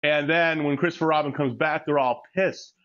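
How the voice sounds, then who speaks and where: A fitness vlogger in his forties swaps crude jokes and stories between gym sets, laughing often. His voice is a little high and fairly bright, with fairly even intonation at normal speed, in a dull lo-fi recording.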